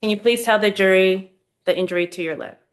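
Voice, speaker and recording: Woman attorney questioning a witness, steady and measured, roomy courtroom sound. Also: medium pitch. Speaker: prosecutor.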